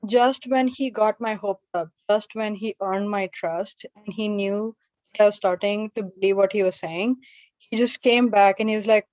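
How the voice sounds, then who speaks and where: A woman's voice: medium pitch, fairly even intonation, moderate pace, darkish tone, dry recording, lo-fi sound. A woman hosting an open mic and doing stand-up, telling stories in a chatty, self-deprecating way. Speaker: open mic emcee and comedian.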